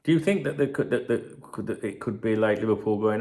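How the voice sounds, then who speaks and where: A man's voice: on the low side, fairly quick, darkish tone. A man hosting a football channel, ranting and rambling in casual, sweary banter.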